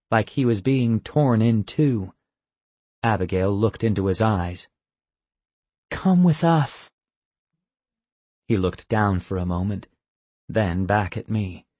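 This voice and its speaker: A man narrating a novel in the first person, calm and even. His voice is low and slightly husky, and he reads at an unhurried pace. The sound is dry and close. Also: no echo. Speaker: audiobook narrator.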